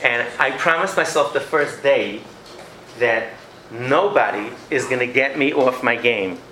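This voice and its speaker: A man's voice: medium pitch, measured pace, pushed and bright, reverberant, slight background noise, low-quality recording. A man giving a lecture on parenting to an audience, acting out scenes with his children and taking questions. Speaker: educator giving a parenting talk.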